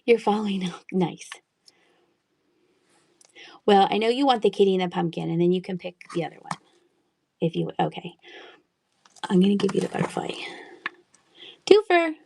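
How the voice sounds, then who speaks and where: A woman's voice: mid-range voice, animated, normal speed, gravelly, long pauses, dark tone, a little hiss or hum. A middle-aged woman chatting casually while selling items in a live online auction, laughing often and sometimes dropping to a near-whisper. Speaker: livestream seller.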